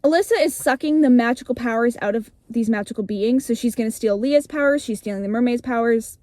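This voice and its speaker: A young woman in casual storytelling to a friend, animated and breezy, swearing freely and acting out lines. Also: fairly high pitch, fairly quick, no room sound. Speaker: vlogger retelling her childhood story.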